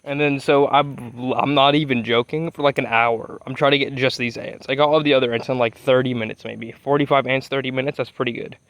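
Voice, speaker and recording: A young man rambles through a long story, swearing freely and trailing off when he loses his thread. His voice sits at an everyday middle pitch and sounds dry and close, with almost no room around it. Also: fairly even intonation, fairly quick, few pauses, a bit bright, no echo. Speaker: vlogger.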